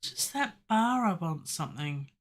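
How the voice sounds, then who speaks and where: A middle-aged woman, a musician livestreaming her songwriting from her home studio, chats casually and digressively, laughing often and joking at her own expense. Her voice is fairly low and animated, a little slow, captured on a studio microphone.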